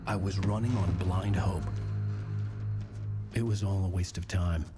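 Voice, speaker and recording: An actor playing a haunted male writer, giving grim, measured game narration. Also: low-pitched, fairly even intonation. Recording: game audio with music behind.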